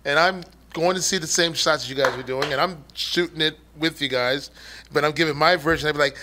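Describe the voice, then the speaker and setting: A man speaking as a guest in a casual talk show, animated and laughing, using street slang. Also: a little high, a little fast, noisy background. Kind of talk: casual podcast chat.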